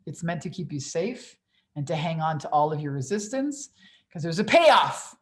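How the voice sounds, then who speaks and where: A woman's voice: low-pitched, big pitch swings, moderate pace. A woman in her forties, a business coach on a livestream Q&A, talking in a blunt, profane, emphatic way. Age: 40s.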